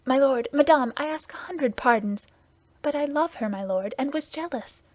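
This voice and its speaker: A woman's voice: sits high, normal speed, no echo, highs cut off, pitched above the performer's own voice, natural voice. A woman voicing an impetuous, jealous young male guardsman in a heated, pleading way.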